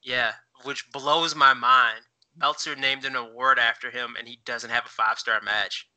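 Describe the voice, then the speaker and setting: A man co-hosts a casual chat podcast. His voice is very bright and smooth, and he rambles along with plenty of fillers, checking things as he talks. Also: mid-range voice, steady tone, moderate pace, rough recording. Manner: rambling, many fillers, looks things up while talking. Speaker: podcast co-host.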